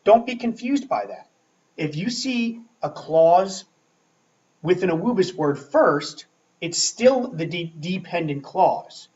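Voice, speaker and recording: A man teaching a grammar lesson at a board, talking slowly and checking in often with "okay?". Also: high-pitched, expressive, darkish tone. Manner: slow, checking in with frequent "okay?". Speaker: English teacher. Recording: echoey room, mic far off, dull lo-fi sound.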